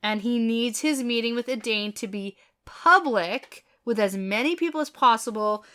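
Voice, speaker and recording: A woman's voice: a little high, normal speed, bright, forceful tone, clear, resonant tone. A woman co-hosting a podcast, chatting casually about a novel, recapping the plot and laughing easily. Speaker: podcast co-host. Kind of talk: casual book-discussion chat.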